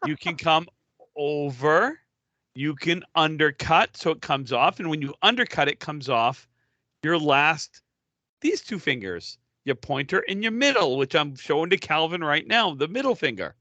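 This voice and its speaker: A man's voice: fairly high pitch, big pitch swings, a little slow, bright, forceful tone, dry recording, lo-fi sound. A man co-hosting a podcast, bantering casually in an exasperated, joking way. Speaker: podcast co-host.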